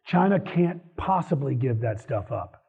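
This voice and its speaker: Man, live talk to an audience, animated, opinionated, husky voice, tinny phone-like sound. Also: mid-range voice, unhurried. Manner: animated, opinionated, laughs between points. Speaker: speaker on economic policy.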